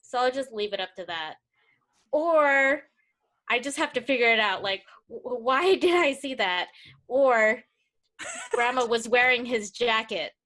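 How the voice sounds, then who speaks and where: Chatty woman podcaster with a fairly high voice. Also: animated, measured pace, bright, forceful tone. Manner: chatty, many fillers. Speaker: podcast co-host. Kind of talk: casual chat, storytelling.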